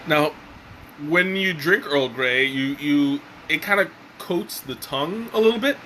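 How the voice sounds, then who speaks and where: A man casually reviewing a tea on a live stream, halting with many fillers and restarts. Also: on the high side, pushed and bright, slight background noise, low-quality recording. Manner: hesitant, many fillers and restarts, chuckles often.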